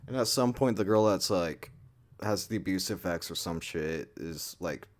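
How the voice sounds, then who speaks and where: A man's voice: low voice, expressive, moderate pace. A man giving a casual, rambling movie review, full of swearing and filler words.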